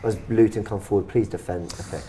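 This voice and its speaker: A man's voice: fast, a loud crowd. A man hosting a live football watchalong, chatting and debating with fellow fans. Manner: animated, defends his opinion, shifts pitch a lot. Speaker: watchalong host.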